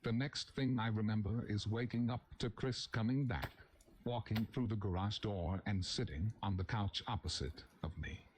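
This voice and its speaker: Young man, fairly low voice, steady horror story narration, faint background noise. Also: normal speed.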